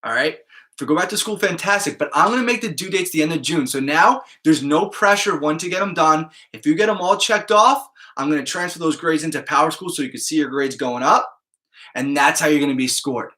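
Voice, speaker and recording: Male math teacher, upbeat and casual, slightly high bright voice, keeps checking in with students. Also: fairly quick. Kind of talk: live online class talk to students.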